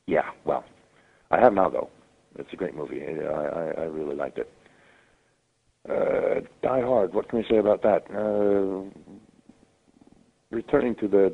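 A man calling in to a podcast while sick with a fever, talking in a halting, rambling way with lots of fillers. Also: rumbling low, gravelly, slightly rough. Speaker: caller. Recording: tinny phone line.

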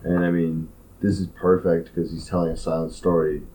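Male co-host, deep and mellow, casual and halting delivery. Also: flat delivery, low-quality recording. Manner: halting, fumbling for words. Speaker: podcast co-host. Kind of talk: casual chat.

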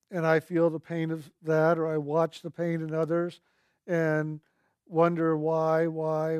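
A man shares a spiritual testimony in a gentle, earnest storytelling voice. He often lingers on and repeats his key words. His voice sits somewhat high, and it is recorded close up in a dry space with no room echo. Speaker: speaker sharing a personal testimony.

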